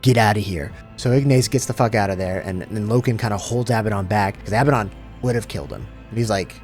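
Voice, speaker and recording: A man's voice: fairly low pitch, fast, darkish tone, faint music behind. A man casually retelling a story, with slangy, profane, joking asides. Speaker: lore channel host. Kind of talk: casual comedic lore summary.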